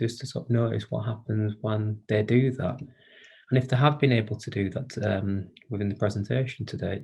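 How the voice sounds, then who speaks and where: A man guides an online workshop over a video call with a gentle, inviting manner. His voice has a gravelly, husky edge. He pauses and restarts often as he speaks, and his pitch sits in an ordinary middle range. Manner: gentle, inviting, hesitant with many restarts and "sort of". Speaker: workshop presenter for carers.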